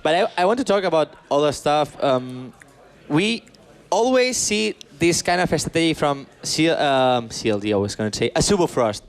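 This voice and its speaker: A male esports analyst talking through strategy at a desk, excitable and repeating himself as he goes. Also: on the high side, moderate pace. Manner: excitable, repeats words, non-native English phrasing.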